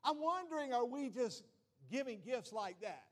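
A man's voice: very high voice, animated, moderate pace, a bit bright. A middle-aged male pastor preaching a sermon with emphasis, often saying "watch this" and putting questions to the congregation.

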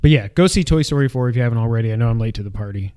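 A man's voice: medium pitch, very fast, a little mellow, clear, resonant tone. A man co-hosting a podcast, gushing and rambling in casual chat. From Canada. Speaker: podcast co-host.

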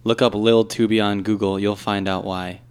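A man of twenty-three, a guest on a podcast, talking in joking, animated banter. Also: on the low side, clear, resonant tone. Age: 20s. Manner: joking, animated, quick to laugh.

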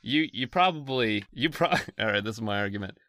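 A man's voice: mid-range voice, lively intonation, a little fast, sharp tone, dry recording. A man co-hosting a podcast, chatting casually with frequent laughs and mock complaints. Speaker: podcast co-host.

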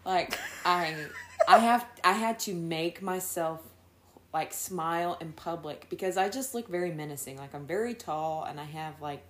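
A young woman co-hosting a casual chat about motherhood, earnest but quick to laugh, with dry, self-deprecating humor. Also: on the low side, fairly bright tone. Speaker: podcast co-host.

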